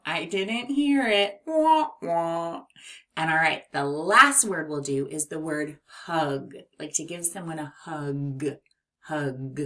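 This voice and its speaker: A woman teaching young children a phonics lesson, speaking clearly and encouragingly. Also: sits low, pushed and bright. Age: adult.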